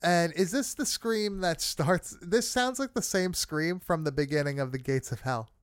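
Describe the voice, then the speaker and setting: A man's voice: on the high side, moderate pace, smooth, dry recording. A man casually recapping a horror film with friends, swearing often and leaning on fillers. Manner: loose, swearing, many fillers.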